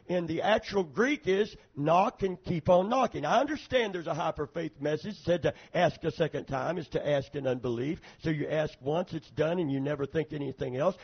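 Man, pastor, sermon, high voice, husky, amen calls, church, muffled tape sound. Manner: preaching with frequent calls for amen; swings from quiet asides to loud fervent prayer.

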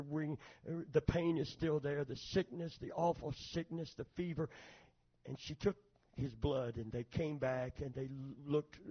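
A middle-aged man preaching a sermon, moving between hushed storytelling and fervent, shouting emphasis. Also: mid-range voice, breathy edge, muffled recording.

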